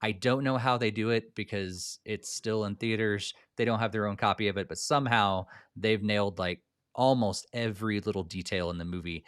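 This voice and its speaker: A man hosting a casual podcast, relaxed and hedging, with a lot of fillers. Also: lowish voice, no echo, studio quality. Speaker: podcast host.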